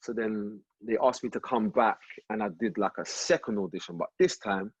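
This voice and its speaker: A man, a podcast guest telling a story in a relaxed, slangy way, recorded with slightly muffled sound. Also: on the low side, normal speed, slightly rough, dry recording. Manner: relaxed slangy anecdote telling, frequent "you get me". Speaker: rapper and actor guest. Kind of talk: casual storytelling interview.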